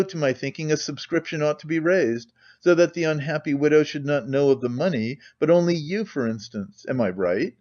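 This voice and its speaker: Guy voicing a pompous stiff suitor, careful hedgy talk, slightly high, muffled audiobook sound. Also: a little mellow, close to an everyday voice. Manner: measured, formal, hedging phrases.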